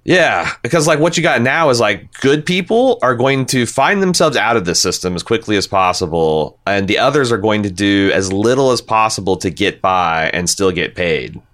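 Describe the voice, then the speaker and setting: A man's voice: lowish voice, expressive, normal speed, few pauses, a bit bright. A man hosting a casual podcast discussion, talking in a rambling way with many restarts and fillers. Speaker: podcast host.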